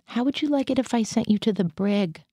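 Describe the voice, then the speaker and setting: A woman's voice: on the high side, fairly quick, warm tone, breathy edge, no room sound, clean studio sound, pitched above the performer's own voice. A woman reading the lines of a male military psychiatrist who questions his patient dryly. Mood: questioning.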